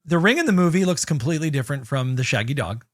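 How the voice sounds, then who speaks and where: A man chats casually on a podcast with a slightly higher voice than most. He talks in a loose, rambling way and breaks into short goofy impressions. The sound is dry and close to the mic. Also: animated, quick pace, a bit bright, no echo. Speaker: podcast co-host. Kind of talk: casual movie-review chat.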